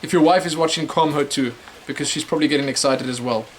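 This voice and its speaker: A man's voice: fairly high pitch, quick pace, a little hiss or hum. A young man from South Africa hosting a casual webcam show, answering viewer questions in a rambling, chatty way full of fillers and restarts. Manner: rambling, chatty, many fillers and self-corrections.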